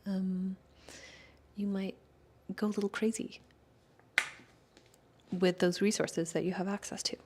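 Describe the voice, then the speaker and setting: A woman's voice: mid-range voice, fairly even intonation, measured pace, pauses often, darkish tone, slight background noise. Rambling, hedging woman chatting casually. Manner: rambling, hedging, many fillers and self-corrections. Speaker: astrologer answering viewer questions. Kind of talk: casual livestream chat.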